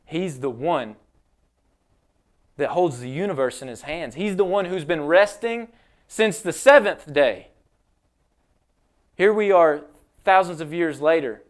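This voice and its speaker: A young man preaching a sermon in an earnest, conversational way, acting out quotes as he goes. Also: on the high side. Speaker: pastor. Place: church, livestreamed.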